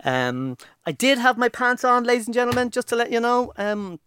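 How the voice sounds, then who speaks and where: A man's voice: very high-pitched, big pitch swings, normal speed, sharp tone, a little hiss or hum. An older man co-hosting a podcast, joking and self-mocking in casual chat. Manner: jokey, self-mocking, rambling asides. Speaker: podcast co-host.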